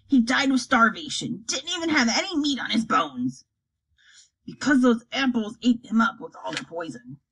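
Woman doing a gruff crude troll. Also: on the high side, sing-song, moderate pace, fairly bright tone, a little hiss or hum, heavily acted, rough recording. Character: gruff smelly male troll, crude and blunt.

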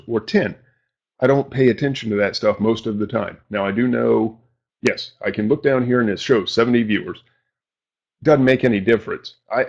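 A man from New England hosting a live-stream show, talking informally with mild slang and self-deprecating asides, at his home desk. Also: medium pitch. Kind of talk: casual live-stream chat. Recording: dull lo-fi stream audio.

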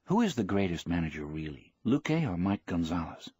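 A man's voice: deep voice, very animated, brisk, darkish tone, husky, no echo, exaggerated voice. A man voicing a devoted young boy in a book reading, speaking eagerly and earnestly.

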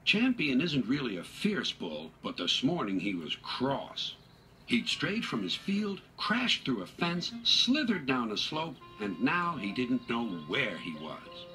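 A man narrating a children's story at a slow, easy pace, his voice rising and falling widely. Storybook music plays clearly beneath him. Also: mid-range voice. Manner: unhurried and expressive. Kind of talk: storybook reading. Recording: music bed under narration.

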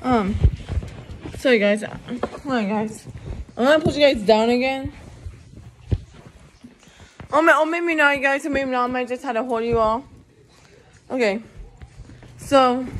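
High-voiced woman rambling on a walk. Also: unhurried, pauses often, a little hiss or hum. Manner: rambling, repeats "you guys" constantly. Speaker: vlogger. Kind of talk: casual walking vlog. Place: outdoors on a walk.

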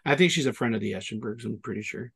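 A middle-aged man from Michigan co-hosts a podcast, telling rambling stories in easy chat. His voice is gravelly, with a husky grain, and he restarts sentences as he builds up to his point. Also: fairly low pitch, animated, fast talker, a bit bright. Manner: rambling storyteller, restarts often. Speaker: podcast co-host. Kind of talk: casual chat.

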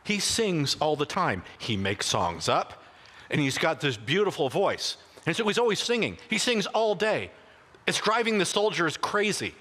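Bright-voiced preacher in a reverberant church. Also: male voice, a little high, normal speed. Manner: animated anecdotal retelling with frequent restarts. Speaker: pastor. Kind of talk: sermon storytelling. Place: church sanctuary. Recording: long reverb of a church hall.

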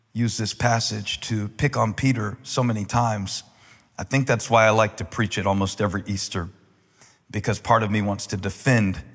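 A man's voice: on the low side, a bit bright. Man preaching in a reverberant hall. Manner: conversational, wry asides building to emphatic, rising preaching. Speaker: pastor. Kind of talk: sermon. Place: large church auditorium. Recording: long reverb of a large church hall.

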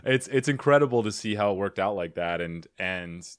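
A man's voice: on the low side, animated, moderate pace, clean tone, dry recording. Chatty self-deprecating male podcast host. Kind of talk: casual interview chat.

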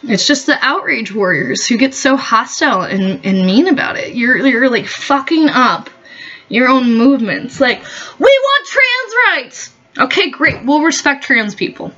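A woman with a fairly high voice rants to camera, heated and full of swearing, circling back over her points as she rambles. The recording sounds dull and lo-fi. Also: expressive, moderate pace, fairly bright tone. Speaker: vlogger. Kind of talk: rambling opinion rant.

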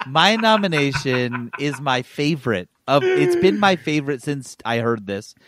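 A man's voice: fairly high pitch, unhurried, slight background noise. A man co-hosting a casual gaming podcast, ranting in an emphatic, joking way. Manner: animated, jokey, emphatic rants. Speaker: podcast co-host.

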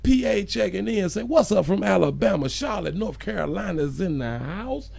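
A man from St. Louis hosting a joking livestream, hoarse from losing part of his voice, calling out shout-outs and breaking into squeaky high greetings. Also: big pitch swings, normal speed, no echo. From St. Louis, Missouri. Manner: loud shout-outs, sudden squeaky high "hey sugar" bits. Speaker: livestream host reading chat. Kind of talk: joking casual livestream chat.

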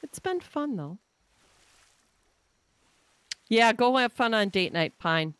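A woman's voice: on the high side, big pitch swings, normal speed, a bit bright, smooth, no room sound. A young woman streaming a survival game, chatting casually, thinking aloud as she builds and thanking viewers from chat. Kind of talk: casual live-stream chat while playing.

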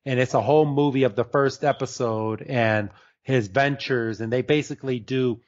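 A man with a mid-range voice co-hosts a casual podcast, recapping an episode at a normal speed with fairly even intonation. He rambles, using lots of fillers and restarts, and laughs often. The audio is slightly dull and lo-fi.

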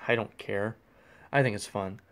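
A man's voice: lowish voice, slow pace. Male solo podcaster, loose self-interrupting delivery, voiced through a gaming headset at home. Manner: rambling, self-interrupting, chuckling. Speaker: podcast host. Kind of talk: casual solo podcast chat. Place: room at home. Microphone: USB gaming headset microphone.

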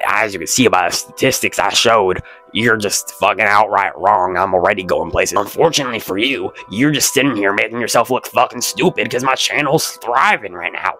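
A man's voice: on the low side, sharp tone. A man hosting his own channel, reading hate comments aloud and ranting back at them in a boastful, mocking and profane way.

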